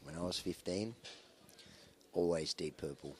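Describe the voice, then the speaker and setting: A man with a very low voice, chatting through an interview. He tells long rambling stories about his band, full of fillers and restarts. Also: a little slow, a little hiss or hum. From Australia. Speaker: rock band musician interviewed. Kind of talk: casual interview storytelling.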